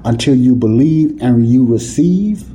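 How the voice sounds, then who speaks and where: A man's voice: medium pitch, animated, unhurried, mellow, a little hiss or hum. A man teaching the Bible in a sermon, talking informally and often checking "you see what I'm saying?". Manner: informal, nonstandard grammar.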